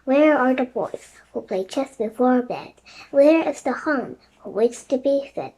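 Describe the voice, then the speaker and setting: A woman's voice: high voice, expressive, measured pace, a little mellow, slightly rough, heavily acted, low-quality recording. Woman reading as an eerie rhyming old woman. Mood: ominous. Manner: chanting in rhymes.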